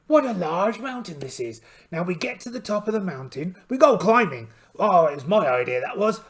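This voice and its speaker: A man's voice: high voice, vocal fry, exaggerated voice. A man voicing a polite, boastful one-eyed pirate captain in a solo tabletop game, theatrical and full of exclamations. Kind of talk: in-character solo game narration.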